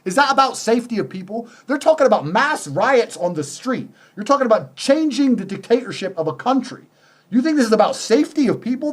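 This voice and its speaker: Fast, animated man ranting heatedly. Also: very high voice. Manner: heated, profane, emphatic, sarcastic. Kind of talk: conversational rant.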